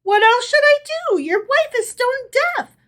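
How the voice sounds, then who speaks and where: A woman reading aloud, voicing a sharp-tongued wife who shrieks high and hoarse. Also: wildly swooping pitch, takes it slowly, heavily acted. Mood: shrill.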